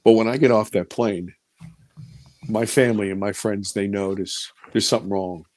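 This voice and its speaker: A middle-aged man, a film producer, telling a personal story in an interview, animated and emotional, swinging between loud and hushed. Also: lowish voice, moderate pace.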